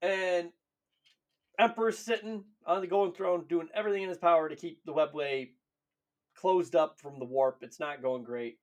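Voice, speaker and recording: A man co-hosting a podcast, retelling lore in casual, profane, animated chat and laughing often. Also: on the high side, moderate pace. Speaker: podcast co-host.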